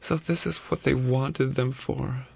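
A man voicing a frightened young woman in an audiobook, speaking in a hushed, breathy way. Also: mid-range voice, very animated, normal speed, dry recording, muffled recording, voice pushed up.

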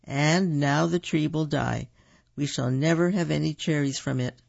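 A man reading aloud, voicing an ashamed young colonial boy who stammers contritely, his voice lifted higher, on a dull, dry recording. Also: unhurried, creaky, darkish tone, no echo, exaggerated voice.

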